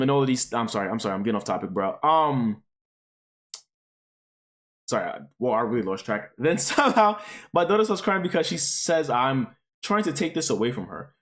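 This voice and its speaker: A man's voice: medium pitch, a bit bright. A man streaming, reading online posts aloud and reacting to them in a profane, rambling, exclaiming way.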